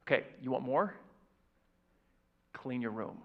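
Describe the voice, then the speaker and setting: A man's voice: mid-range voice, normal speed, long pauses. A man in his thirties preaching a playful sermon to young people, asking the crowd questions. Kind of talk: youth sermon. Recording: dull lo-fi church audio.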